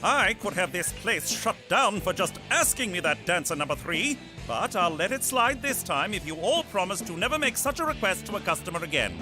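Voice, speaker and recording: A smug, lecherous federal agent lays down the law then winks at breaking it. His fairly high voice bounces with self-satisfied lilts over clear background music. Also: big pitch swings, normal speed, few pauses. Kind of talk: animated cartoon voice acting.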